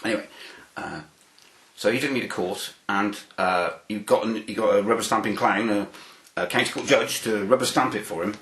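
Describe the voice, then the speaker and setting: A man, interviewed and telling anecdotes in an animated way, often repeating words as he starts a phrase. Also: on the low side, normal speed, echoey room. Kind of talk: anecdotal storytelling.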